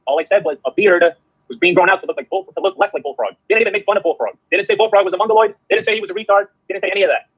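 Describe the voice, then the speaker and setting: A man's voice: sits high, rapid-fire, husky. A man on a call-in show, defending himself with repeated, insistent denials. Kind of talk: heated live call-in talk. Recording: phone-line call audio.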